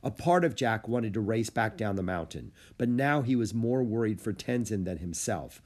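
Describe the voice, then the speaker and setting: A man reading a children's chapter book aloud in an expressive storytelling manner. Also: lowish voice, moderate pace. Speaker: audiobook narrator.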